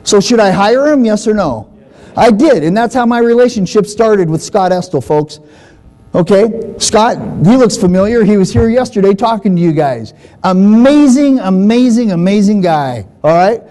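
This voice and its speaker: A man's voice: sits high, normal speed, rough recording. A man speaking at a live seminar, telling stories and acting out the dialogue in a folksy way that repeats points for emphasis. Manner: storytelling, animated, acts out dialogue. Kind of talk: live seminar talk to an audience.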